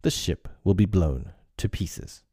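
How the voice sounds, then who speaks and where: A man voicing a brooding, menacing old pirate captain in a storybook reading, speaking slowly and in a hushed, sometimes whispered way. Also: low voice, animated, husky, no room sound, studio quality, full character voice.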